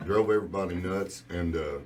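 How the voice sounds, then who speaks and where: A man in his forties with a deep, dark voice, a musician guest rambling through a casual radio studio interview with many fillers. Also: brisk, far from the mic, a little hiss or hum.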